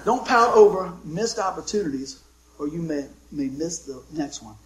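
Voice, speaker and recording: A man's voice: on the high side, lively intonation, moderate pace, reverberant, poor audio. A middle-aged man preaching a sermon, telling folksy jokes and stories and calling out for amens from the congregation. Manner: folksy, joking storyteller with call-and-response amens. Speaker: pastor.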